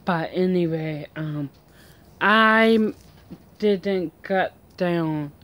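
A woman's voice: lowish voice, drawn-out words, fairly bright tone. A woman vlogging outdoors at home in a casual, rambling chat full of fillers and restarts.

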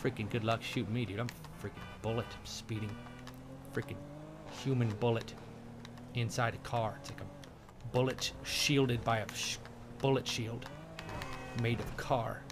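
A man's voice: mid-range voice, fairly even intonation, moderate pace, pauses often. A young man commentating over gameplay in a goofy, joking way, with mild swearing. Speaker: gaming video host. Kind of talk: let's play commentary. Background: game music and sounds.

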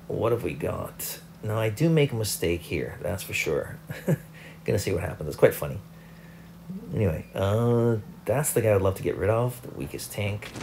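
A man's voice: lowish voice, gravelly, a little mellow, slight background noise. A young man, host of a gaming channel, giving chatty, self-mocking commentary over his own gameplay.

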